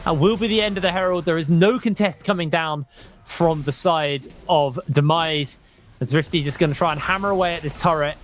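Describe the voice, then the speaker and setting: A man calling an esports match play by play, quick and energetic. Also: on the high side, faint music behind. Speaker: play-by-play caster.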